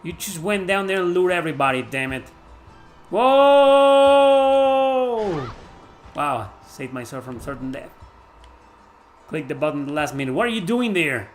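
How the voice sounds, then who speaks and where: A man doing live gameplay commentary, chatting with viewers, swearing and shouting at the game. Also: fairly high pitch, lively intonation, a little fast, soft background music. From Mexico. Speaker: gaming streamer.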